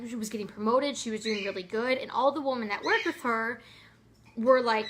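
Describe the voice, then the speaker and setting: A young woman giving an earnest, expressive motivational talk to camera, with many fillers and restarts. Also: a little high, slight background noise. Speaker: motivational vlogger.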